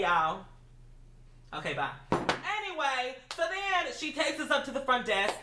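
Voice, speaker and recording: Sassy, profane woman ranting in a roomy room. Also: fairly high pitch. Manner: sassy, profane, animated retelling. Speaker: vlogger. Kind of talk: casual storytime rant. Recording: roomy echo.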